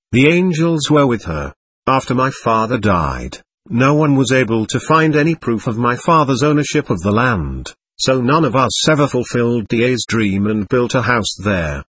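Husky man gently reading a memoir. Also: medium pitch, no echo. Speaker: audiobook narrator. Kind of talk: first-person memoir reading.

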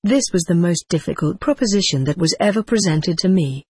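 A woman reads aloud from an old book, measured and formal in her delivery. Her voice is a bit low and husky. The recording is dry and close. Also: expressive, darkish tone, dry recording. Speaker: audiobook narrator. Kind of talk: scripted narration.

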